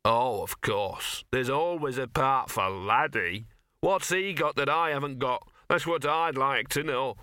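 A man's voice: medium pitch, a little slow, pushed and bright, dry recording, studio quality, voice pushed up. A man voicing a scruffy little talking dog who grumbles, sulks and talks smugly. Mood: grumbling. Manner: grumbling, smug, self-pitying.

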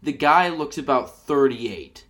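A man's voice: medium pitch, expressive, measured pace, fairly bright tone. Rambling, crude young guy. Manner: crude, rambling storytelling with lots of fillers. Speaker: podcast host. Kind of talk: casual podcast chat.

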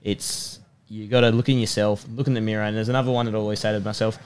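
Young guy, emphatic pep-talker, quick delivery, slightly low voice. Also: level tone, darkish tone, clear, resonant tone. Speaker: podcast guest, personal trainer and rugby player. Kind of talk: motivational casual chat.

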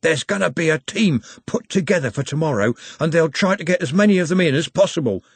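Man doing a sickly unlikable lad, high and whiny, moans everything. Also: expressive, fairly quick, breathy edge, no echo. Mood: moaning. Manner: moaning, sulky.

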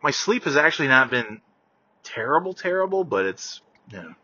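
A man talking casually while driving his car, ranting with lots of swearing and yelling at other drivers. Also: mid-range voice, sing-song, moderate pace, husky, muffled recording. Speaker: vlogger.

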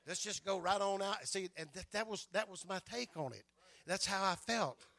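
A man's voice: high-pitched, moderate pace, pushed and bright. An older man preaching a sermon and telling his own stories, stumbling over repeated words and adding "amen" between his lines. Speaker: pastor.

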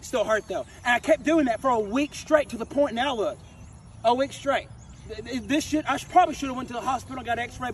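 A man preaching an informal sermon, emphatic and confrontational, hammering home key phrases by repeating them. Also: very high-pitched. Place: outdoors near a wrecked car. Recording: distant mic with faint outdoor noise.

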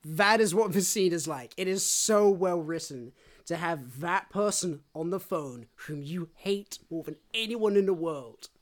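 A man of middling pitch co-hosts a relaxed book podcast. He tells stories with animation, slipping into the voices of the people in them. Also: measured pace. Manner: animated storyteller who acts out quoted voices. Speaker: podcast co-host. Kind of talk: casual book-club podcast chat.

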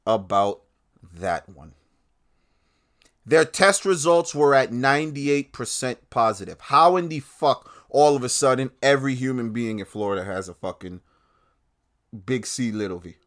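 A man's voice: medium pitch, expressive, a little slow. Profane, heated male podcast ranter. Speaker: podcast host. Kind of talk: casual ranting commentary.

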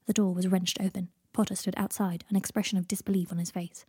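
A woman reads a story aloud, keeping a steady storytelling pace. Her voice is husky and breathy, and the recording sounds dry and close. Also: lowish voice, fast talker, dry recording. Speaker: narrator. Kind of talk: audiobook reading of fan fiction.

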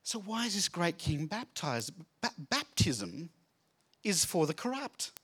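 An animated man gives a chatty Bible talk to a room full of listeners. His voice sits a little high for a man. He is jokey and playful, acting out the scenes as he goes. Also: a little slow, breathy edge. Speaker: speaker at a student Bible training night. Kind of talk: lively Bible talk to a live group. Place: room with a live audience.

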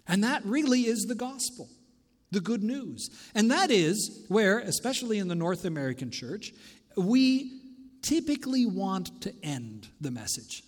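A man preaching a sermon as pastor, swinging dramatically between loud declarations and hushed near-whispers. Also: high-pitched, expressive, unhurried, in a large hall. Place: church sanctuary.

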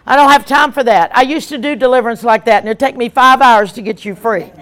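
A woman evangelist, preaching an emphatic, animated sermon with repeated lines. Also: on the high side, fast talker.

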